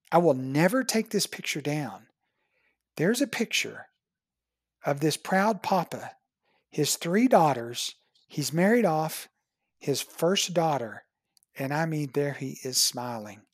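A woman's voice: low-pitched, husky, dry recording, clean studio sound. A woman dentist telling patient stories in casual conversation, acting out the dialogue. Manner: animated storyteller, acts out quoted dialogue. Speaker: dentist, podcast guest.

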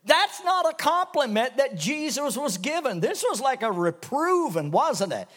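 A man from Canada preaching a revival sermon in church, dropping to hushed lows and rising to loud, soaring highs. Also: sing-song, takes it slowly.

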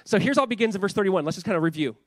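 Racing along in a high, animated voice, a pastor in his thirties preaches a sermon that sounds casual and conversational. He repeats words and fills gaps with "like," and the recording is dry and studio quality.

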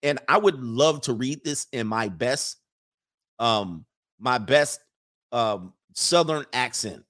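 A man's voice: mid-range voice, animated, takes it slowly, a bit bright. Rambling man in casual commentary. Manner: rambling, often restarts and corrects himself. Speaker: sports commentator.

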